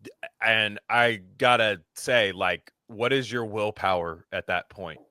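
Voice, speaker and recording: Bright-voiced man hosting a podcast, dry sound. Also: fairly low pitch, measured pace, no room sound. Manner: animated, swears, jokey, rambling questions. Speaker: podcast host. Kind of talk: casual podcast interview.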